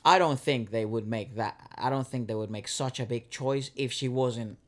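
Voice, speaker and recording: A man's voice: medium pitch, moderate pace. A man co-hosting a reaction video in laid-back, slangy chat.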